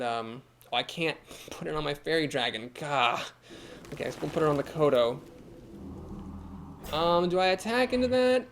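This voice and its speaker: A young man with an easy Midwestern accent talks through his card game moves on a live stream, reading chat and chuckling along. His voice sits a bit high and swings up and down with a lively lilt. A faint hiss runs beneath the recording. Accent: Midwestern American. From Ohio, USA. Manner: chatty, thinks aloud, reads chat comments and laughs easily. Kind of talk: live gameplay commentary.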